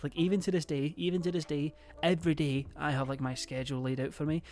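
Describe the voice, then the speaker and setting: A man's voice: fairly high pitch, little pitch movement, fast, darkish tone. A young man, chatting casually to his stream in a rambling, hesitant way full of fillers and swearing.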